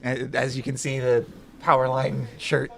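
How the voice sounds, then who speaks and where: A man co-commentating a curling match, breaking down shots with dry, deadpan asides. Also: medium pitch, moderate pace, vocal fry. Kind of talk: live sports commentary.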